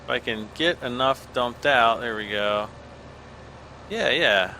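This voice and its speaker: A man's voice: mid-range voice, slow pace, sharp tone, a little hiss or hum. A middle-aged American man giving casual, rambling gameplay commentary, self-deprecating and chuckling often. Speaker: gaming channel host.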